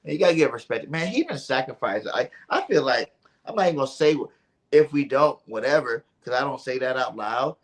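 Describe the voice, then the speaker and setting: A man co-hosting a casual sports podcast, telling stories in an animated, slangy way. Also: medium pitch, fairly quick, rough recording. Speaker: podcast co-host.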